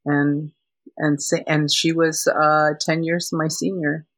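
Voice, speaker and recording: An older woman, a podcast guest, telling animated stories in casual chat. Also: low-pitched, slow, no echo, rough recording. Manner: animated storytelling with laughs.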